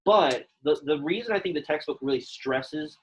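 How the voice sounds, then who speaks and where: A man's voice: on the high side, expressive, normal speed, a bit bright, a little hiss or hum, rough recording. A young man teaching a Latin class, explaining grammar in a chatty, informal way full of fillers, speaking to a classroom and online students. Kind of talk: classroom lesson, casual explaining.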